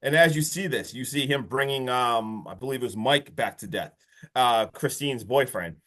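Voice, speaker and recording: A man co-hosting a podcast, recapping a horror movie in an excitable, casual chat full of swearing and "like". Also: medium pitch, moderate pace. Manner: excitable, swears freely, heavy use of "like". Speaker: podcast co-host.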